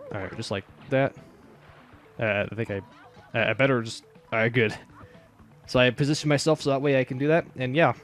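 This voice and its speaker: A man with a slight Southern US accent giving casual, rambling commentary over a game playthrough. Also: fairly low pitch. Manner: rambling, many fillers and restarts. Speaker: let's player.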